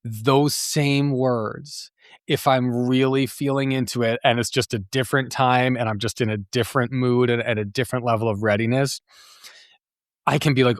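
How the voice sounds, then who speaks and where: A man's voice: medium pitch, steady tone, normal speed, no echo, studio quality. A man hosting a solo therapy podcast, talking in a thoughtful, reflective way with frequent fillers. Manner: thoughtful, with frequent fillers and acted self-talk.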